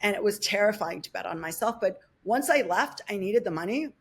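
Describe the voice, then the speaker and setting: A woman in the middle of her range, talking through her career as a podcast guest. She tells stories quickly and vividly, stops herself mid-sentence and starts again, and slips into other people's voices when she quotes them. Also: mid-range voice, breathy edge. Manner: animated, quick storyteller with many restarts; acts out other people's words in shifting voices. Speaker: life coach and podcast guest. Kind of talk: casual storytelling interview.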